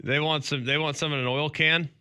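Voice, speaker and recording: A man's voice: fairly high pitch, fairly even intonation, fairly quick, bright, forceful tone, smooth, no echo. A man co-hosting a sports radio show, answering with dry one-word quips and laughing often. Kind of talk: casual sports talk. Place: radio studio.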